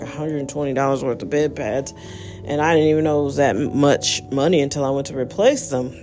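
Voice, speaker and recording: A woman's voice: sits low, mellow. Tired woman podcaster, rambling and candid. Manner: rambling, candid, many fillers. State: tired, yawning. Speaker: podcast host. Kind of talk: casual monologue.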